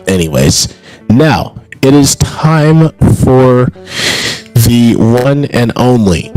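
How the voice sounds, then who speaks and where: Male streamer, unhurried, swings his pitch a lot, rambles and apologizes between big hype call-outs. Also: animated, faint music behind, low-quality recording. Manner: hype-announces names with drawn-out shouts, apologetic and rambling between. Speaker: streamer hosting an announcement stream. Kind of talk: casual livestream announcement.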